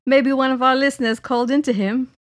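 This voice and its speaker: A woman putting on a blunt, swearing impression of her male co-host, loud and exaggerated. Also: high voice, fairly even intonation, fast, pitched above the performer's own voice, natural voice. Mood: mocking.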